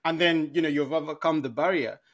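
Podcast guy, kinda high voice, thinks out loud, explains stuff w everyday examples. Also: a little fast. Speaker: podcast co-host. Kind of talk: casual conversation.

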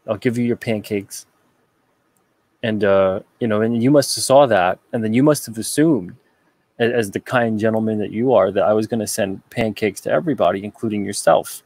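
A man's voice: medium pitch, darkish tone, no room sound. A man from the United States hosting a casual livestream, reading out viewer comments and answering them with rambling, joking asides.

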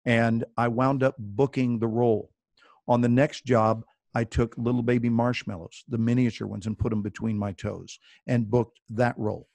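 A middle-aged man tells a story with playful, theatrical relish, his voice sitting at an ordinary pitch. The sound is dry and close, picked up over a video call. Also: level tone, normal speed, vocal fry, a little mellow, no room sound. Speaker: actor and guest speaker.

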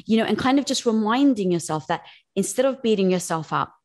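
A woman's voice: medium pitch, expressive, brisk. Encouraging woman guest giving advice. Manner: warm-hearted encouraging, calls listener girl. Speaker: podcast guest. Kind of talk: supportive advice conversation.

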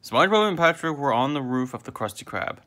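A man's voice: mid-range voice, expressive, fast talker, sharp tone, a little hiss or hum. A young man reviewing a children's book, reading aloud casually with frequent restarts and fillers. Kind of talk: casual read-aloud and chat.

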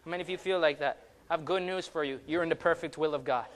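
A young man preaching a fervent sermon, rising loud on calls and dropping soft between them. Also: on the high side, quick pace.

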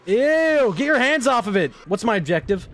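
Excitable young man streaming a horror game. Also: very high voice, normal speed, a little hiss or hum. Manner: jokey, swearing, yelps and shouts when startled. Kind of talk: live gameplay commentary.

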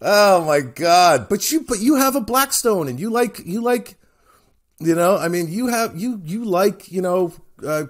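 A man co-hosting a comedy podcast, telling stories in a loud, playful, profane way. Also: sits high, moderate pace. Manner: animated, profane, playful storytelling. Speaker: podcast co-host. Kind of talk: casual comedic chat.

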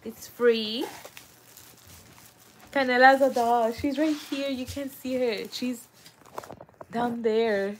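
A woman with a high, bright-sounding voice talks straight to her viewers on a live stream. She is chatty and emotional and laughs often, in an easy, casual way. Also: fairly even intonation, slow pace, long pauses, slight background noise. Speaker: vlog host.

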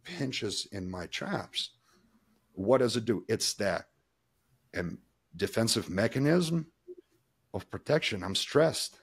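A man's voice: fairly low pitch, expressive, slow pace, long pauses, slightly rough. A man speaking as a guest expert in a podcast interview, explaining at length in loose, emphatic run-on sentences with frequent restarts. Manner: emphatic, acts out little examples in quoted voices. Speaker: guest expert on body language.

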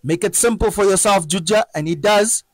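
A man giving excited live football commentary, breaking into shouts at chances and goals. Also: sits high, a little fast, no room sound, low-quality recording.

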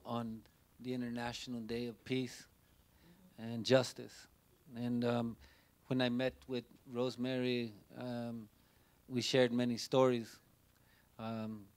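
This is a man from New Mexico speaking on a forum panel. His pace is unhurried and his pitch stays flat. He talks in a halting, hesitant way, with frequent pauses and fillers. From South Valley of Albuquerque, New Mexico. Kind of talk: public talk at a forum.

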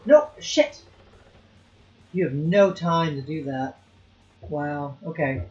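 Let's play host: casual chatty man talking through a game, dull recording, soft music under it. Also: a little high, takes it slowly. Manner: chatty, thinking aloud and swearing at the game. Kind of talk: casual gameplay commentary.

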